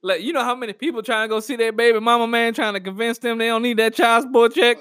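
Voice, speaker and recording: A man riffing through a casual comedic monologue, animated and rambling, laughing at his own jokes. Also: very high voice, fast, hardly any pauses, clean tone, no echo, studio quality. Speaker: comedic vlogger.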